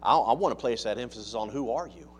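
A man preaching a sermon, talking conversationally and asking the congregation many rhetorical questions, turning loud for emphasis and then dropping to quiet asides. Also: mid-range voice, fast, faint music behind. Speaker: pastor.

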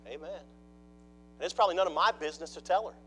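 A man preaching a sermon, dropping to hushed mock-gossip asides and then rising into loud, emphatic preaching. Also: a little high, a little fast, soft background music, low-quality recording. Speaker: pastor.

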